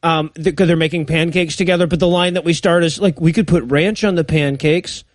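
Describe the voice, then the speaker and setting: A man's voice: on the high side, fairly even intonation, fairly quick, no room sound, studio quality. A man co-hosting a podcast, riffing sarcastically on a bad movie with lots of swearing and laughter. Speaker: podcast co-host. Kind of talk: casual comedic movie riffing.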